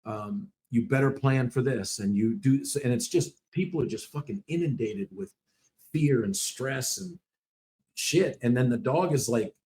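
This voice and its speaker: A man co-hosting a podcast about dog training, talking in animated, casual chat with a lot of swearing and quick acted-out voices. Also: mid-range voice, a little hiss or hum.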